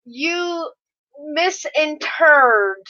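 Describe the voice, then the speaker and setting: A woman's voice: sits high, expressive, very slow, bright, forceful tone, muffled recording. A woman hosting a casual live stream, reading chat aloud and telling stories with lots of laughter.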